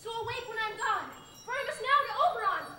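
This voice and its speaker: A woman's voice: very high-pitched, expressive, fast talker, pushed and bright, exaggerated voice. Woman playing Puck, an impish fairy sprite. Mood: playful. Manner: sing-song rhyming verse, playful. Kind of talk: stage play performance. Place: theater stage. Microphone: distant room mic. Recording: echoey stage from far off, noisy.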